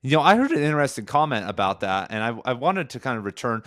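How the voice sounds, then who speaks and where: A man's voice: mid-range voice, big pitch swings, fast talker, a bit bright. Rambling, filler-heavy male podcast host. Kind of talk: casual podcast conversation.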